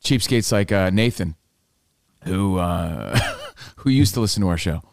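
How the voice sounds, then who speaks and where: A man's voice: sits low, lively intonation, a little slow, gravelly, a little mellow, no echo. Jokey male podcast host, dry studio sound. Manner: loose and jokey, acts out quotes in a raised voice. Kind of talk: casual podcast banter.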